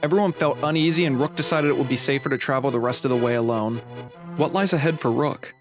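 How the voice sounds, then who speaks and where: A man's voice: mid-range voice, quick pace, over music. A man hosting his channel, telling an adventure story from a game playthrough in an upbeat, dramatic storytelling manner. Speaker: channel host and narrator.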